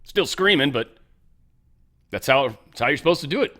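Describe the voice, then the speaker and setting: A man's voice: medium pitch, lively intonation, normal speed, bright, forceful tone. A male host giving sarcastic political commentary, reading headlines aloud and ranting about them.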